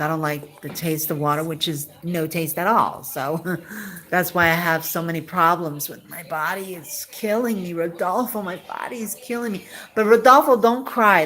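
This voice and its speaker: A woman with a slightly low voice talks casually to a single viewer on a live stream. Her talk is emotional and rambling, circling back to the same questions again and again. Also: a bit bright, slight background noise.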